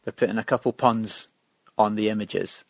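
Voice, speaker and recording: A man's voice: on the low side, fairly even intonation, moderate pace, gravelly, dry recording. A man co-hosting a podcast, chatting casually with lots of restarts and stammers, sounding exasperated. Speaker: podcast co-host. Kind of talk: casual chat.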